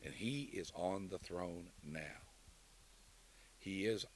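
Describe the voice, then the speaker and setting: A man delivers a sermon and ends it in prayer, speaking emphatically and slowly, his voice climbing to loud declarations before sinking low again.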